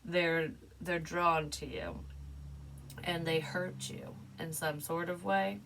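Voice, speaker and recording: A middle-aged woman with a low voice gives a casual, rambling tarot reading. She talks frankly and swears freely. Faint background noise sits under her voice. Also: steady tone, takes it slowly, fairly bright tone, recorded from a distance, low-quality recording. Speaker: psychic tarot reader.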